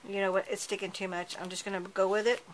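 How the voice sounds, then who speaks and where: A woman's voice: mid-range voice, level tone, fast talker, a little hiss or hum, low-quality recording. A woman hosting a card-making tutorial, chatting casually and correcting herself as she works with her hands. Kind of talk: casual craft tutorial narration.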